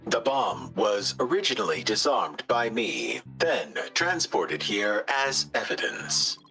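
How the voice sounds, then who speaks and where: A man's voice: lowish voice, takes it slowly, soft background music, heavily acted. A synthesized male voice as a robotic bomb expert. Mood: flat. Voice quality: robotic text-to-speech voice. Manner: clipped, flat, telegraphic phrasing. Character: terse male bomb expert speaking through a speech synthesizer.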